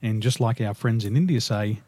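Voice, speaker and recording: Man, Australian accent, guest interview, animated storytelling, laughs often, dry recording. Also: on the low side, moderate pace, no echo. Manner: animated, laughs through his own stories.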